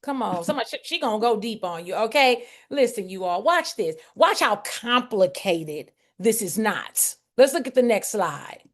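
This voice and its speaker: A fairly high-voiced woman runs a group coaching session over a video call. She calls on participants by name and hammers her points home with repetition. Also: very animated, moderate pace, hardly any pauses.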